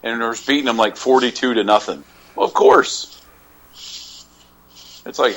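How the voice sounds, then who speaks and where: A man's voice: medium pitch, normal speed, pauses often, fairly bright tone. A man co-hosting a casual wrestling talk show, sarcastic and acting out mock quotes. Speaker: podcast co-host.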